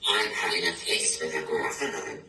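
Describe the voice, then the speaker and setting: A man's voice: sits low, moderate pace, bright, forceful tone, soft background music. A man voicing a small, clever, bluffing mouse in a picture-book reading, in a playful sing-song voice. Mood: cheeky. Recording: echoey room, distant mic, noisy.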